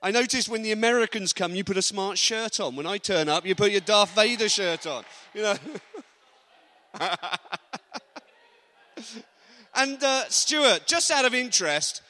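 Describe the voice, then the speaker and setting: A man's voice: high-pitched, animated, a little slow, pauses often, sharp tone. A man preaching an informal sermon in a church, telling personal stories in a chatty, joking way. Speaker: visiting preacher. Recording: long hall reverb.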